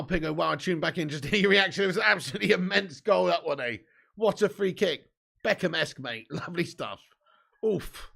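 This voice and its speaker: Excitable gravelly man on a live stream. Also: high-pitched. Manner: excitable, swearing, laughing banter with viewers. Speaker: football watch-along host. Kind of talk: live watch-along commentary and chat.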